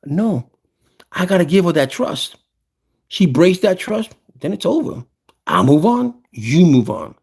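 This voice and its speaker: A man in casual conversation, speaking his mind with animated conviction. His voice sits a little high, gravelly and husky, and he often repeats himself as he works his way through a point. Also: unhurried. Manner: animated, repeats and restarts phrases. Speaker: podcast host. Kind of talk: casual opinionated chat.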